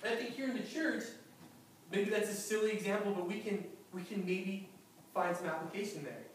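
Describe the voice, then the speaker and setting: High-voiced man preaching in echoey church. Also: brisk. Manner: lively anecdotal storytelling with chuckles. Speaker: pastor. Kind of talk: sermon storytelling. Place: church sanctuary. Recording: very echoey church hall from far off, faint noise.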